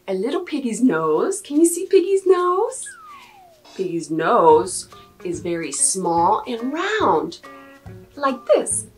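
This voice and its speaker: A woman in her thirties leading a toddler circle-time lesson, switching between English and Spanish and making playful animal sounds. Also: on the high side. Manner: sing-song, exaggerated animal sounds and sneezes. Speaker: preschool teacher.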